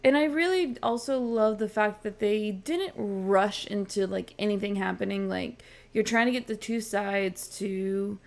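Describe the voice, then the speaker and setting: A woman's voice: medium pitch, creaky. A woman hosting a reaction channel, casually recapping a TV episode with lots of ums and likes, chatty and gushing.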